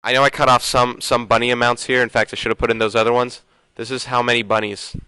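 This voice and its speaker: A man's voice: medium pitch, little pitch movement, quick pace, bright, forceful tone, smooth, no echo, low-quality recording. A man teaching a casual video math lesson, thinking aloud and sometimes trailing off into mutters.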